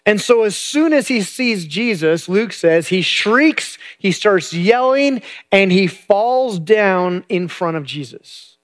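A man's voice: high voice, lively intonation, takes it slowly. A male pastor retelling a Bible story in a conversational sermon, often repeating words as he goes.

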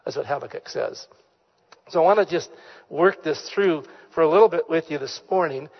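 A pastor preaching a sermon in church, with emphatic delivery, repeated key phrases and questions put to the congregation. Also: male voice, fairly high pitch, moderate pace, in a large hall, dull audio. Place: church sanctuary.

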